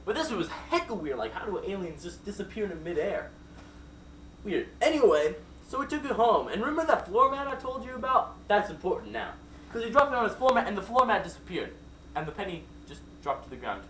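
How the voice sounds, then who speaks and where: A man's voice: high-pitched, sing-song, a little fast, a bit bright, a little hiss or hum. A man telling a made-up, silly story off the cuff, rambling with many digressions and asides. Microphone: distant mic. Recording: roomy echo from far off, faint background.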